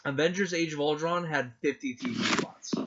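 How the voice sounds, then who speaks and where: A man co-hosting a podcast in casual chat, excitable and gushing, acting out his own reactions. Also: on the high side, moderate pace, highs cut off, noisy background. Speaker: podcast co-host.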